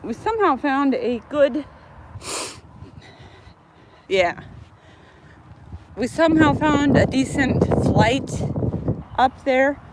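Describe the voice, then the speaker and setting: A woman's voice: sits high, expressive, slow pace, pauses often. A woman from North Dakota with a slight Upper Midwest accent, chatting on a live stream with rambling talk full of fillers and restarts. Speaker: vlogger co-host. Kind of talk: casual live-stream chat. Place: outdoors on a beach, then in a car. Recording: noisy live phone stream.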